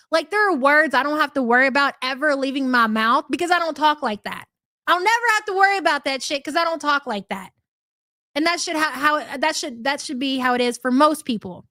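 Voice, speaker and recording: Blunt high-voiced woman host. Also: sharp tone, dry recording, clean studio sound. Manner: blunt and profane, with scornful laughs. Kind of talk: live reaction commentary.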